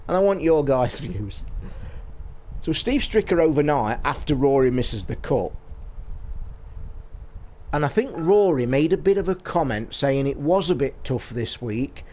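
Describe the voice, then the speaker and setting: A man's voice: medium pitch, a little mellow. A British man hosting a casual livestream chat, telling a story in a blunt, sweary, opinionated way. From United Kingdom. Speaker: podcast host. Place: home streaming setup.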